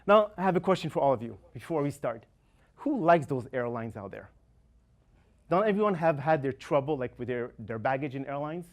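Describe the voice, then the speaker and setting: A man hosting a comedy show, warming up the crowd and introducing the comedians in a halting, casual way. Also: medium pitch, expressive. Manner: halting, casual, with fillers and restarts. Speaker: show host and warm-up emcee. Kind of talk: stand-up warm-up and introductions. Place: comedy show stage before a live audience.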